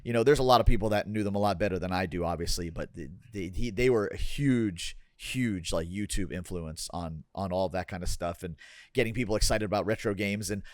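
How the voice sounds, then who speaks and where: A man with a fairly low voice talks in an earnest, rambling way on a podcast, often circling back as he tells a story. His voice is recorded dry and close, with no room sound around it. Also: fairly quick, dry recording. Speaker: podcast co-host. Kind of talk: casual chat.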